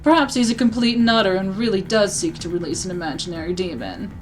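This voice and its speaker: A woman voicing a smug male prosecutor from a courtroom game, in a put-on British accent with a lowered, sneering delivery. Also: expressive, fast, faint music behind, close to an everyday voice, low-quality recording. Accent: mock British.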